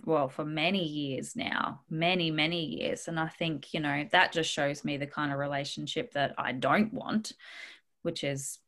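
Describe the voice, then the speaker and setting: A woman's voice: low-pitched, fairly even intonation, a little slow, fairly bright tone. A woman co-hosting a podcast, speaking in earnest, reflective casual chat.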